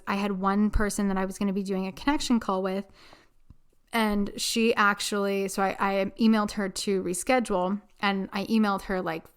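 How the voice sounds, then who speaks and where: A young woman hosting a spiritual podcast, telling a story in an earnest, animated way with casual fillers. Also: mid-range voice, clear, resonant tone. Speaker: podcast host.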